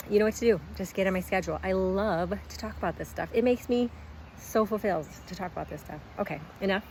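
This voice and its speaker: A woman's voice: mid-range voice, slight background noise. A woman in her forties, a health coach, talking candidly to camera in a casual vlog, earnest and with bursts of enthusiasm. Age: 40s.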